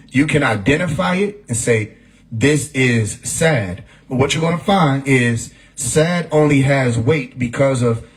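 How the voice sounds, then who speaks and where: A man's voice: mid-range voice, low-quality recording. A man talking casually on a livestream, laid-back and profane, often laughing as he talks. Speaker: livestream host. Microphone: phone mic.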